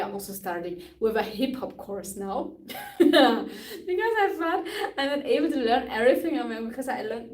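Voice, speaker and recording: A young Austrian woman hosting a casual live stream, her voice pitched a little high. She sounds chatty and upbeat and laughs often. She is heard from a distance in an echoey room. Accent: Austrian German. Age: young adult. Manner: chatty and upbeat, laughs often, switches between English and German. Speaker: fitness trainer and live stream host. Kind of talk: casual live-stream chat answering comments.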